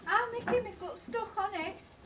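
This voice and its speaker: A teenage girl acts out an impatient, teasing schoolgirl in a very high voice. It is a stage play picked up from far off in an echoing hall, with clear noise over it. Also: moderate pace. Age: teens. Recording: noisy echoey hall from far off.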